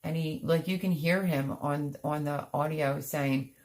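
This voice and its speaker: A woman's voice: deep voice, fairly even intonation, measured pace, a little mellow. A middle-aged woman hosting a gardening livestream, chatting casually and rambling, sounding tired out. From Pennsylvania. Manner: rambling, chatty, many fillers and restarts. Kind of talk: casual live-stream chat reading comments.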